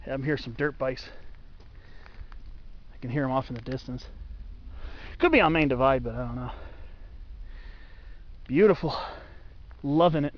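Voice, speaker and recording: A man's voice: mid-range voice, normal speed, long pauses, dull audio. A man filming himself on a forested mountain hike, talking to the camera with enthusiastic, gushing praise for the trees as he walks. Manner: enthusiastic, gushing over the trees, talks to the camera while walking. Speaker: hiker filming his hike. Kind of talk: casual hiking vlog narration. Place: outdoors on a forested mountain trail.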